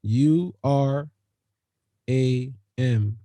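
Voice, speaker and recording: A man's voice: medium pitch, drawn-out words, warm tone, no echo. A man hosting a podcast in loose, profane, laughing banter full of slang. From Jamaican family. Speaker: podcast host. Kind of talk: casual chat.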